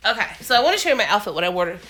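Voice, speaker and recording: A woman's voice: on the high side, fairly bright tone. A woman vlogging casually at home, sick with a cold and her voice coming and going, telling a long rambling story full of fillers. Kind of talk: casual chat.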